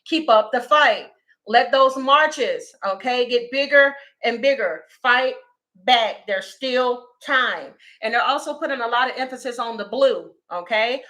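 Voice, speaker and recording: A tarot reader chats her way through a reading on a livestream, speaking straight to her viewers in a chatty, animated, informal way as she moves between jokes and urgent appeals. Her voice is fairly high with a bright edge, and her pace is measured.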